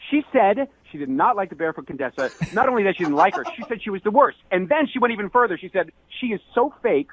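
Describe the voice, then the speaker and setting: A man's voice: high voice, sing-song, very fast, slight background noise. A man calling in to a radio show, speaking in an indignant, worked-up way. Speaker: caller. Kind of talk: radio prank call. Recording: tinny phone line.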